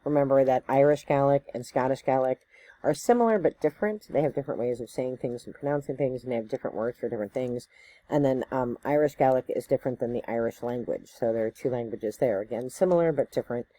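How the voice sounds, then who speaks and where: A woman explains a topic in a loose, chatty teaching style, leaning on fillers and asking "right?" as she goes. Her voice is warm and mellow. The sound is close and dry, with no room around it. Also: very deep voice, fast, no echo. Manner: conversational, loose, full of fillers and tag questions; self-correcting, thinks aloud. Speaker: spiritual teacher. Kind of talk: casual educational talk to camera.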